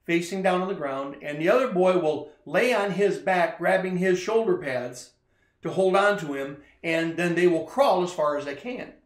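A man preaching a casual sermon, retelling a movie scene in an animated way. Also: high-pitched, moderate pace, reverberant. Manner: animated storyteller, acts out quoted lines louder. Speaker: pastor.

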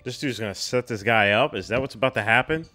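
A man's voice: mid-range voice, fast, over music. A man hosting a reaction video, exclaiming and chatting in casual slang about what he watches.

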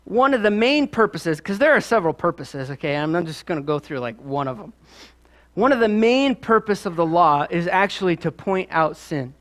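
A pastor with a Midwestern American accent preaches a sermon conversationally, telling stories and slipping in asides. His voice is high and a bit bright.

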